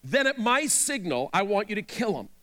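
A man reading the part of a protective older brother, speaking in a hushed and firm way. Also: sits high, big pitch swings, moderate pace, exaggerated voice.

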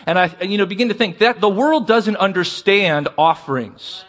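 A pastor preaches a sermon in a high-pitched, expressive and slightly bright voice. He invites responses from the congregation and slows down to stress key words.

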